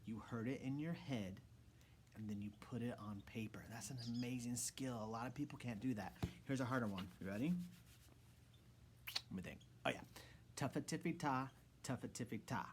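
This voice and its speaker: A man's voice: medium pitch, brisk, a little hiss or hum. Encouraging man teaching rhythm. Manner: encouraging, with rhythm chanting and asides. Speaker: music teacher. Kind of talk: lesson for children.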